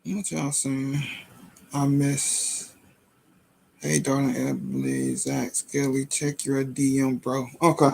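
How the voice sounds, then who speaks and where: A man's voice: mid-range voice, expressive, slow pace, vocal fry, darkish tone. A man hosting a casual live stream, flustered and frustrated as he struggles with the tech while talking to his chat.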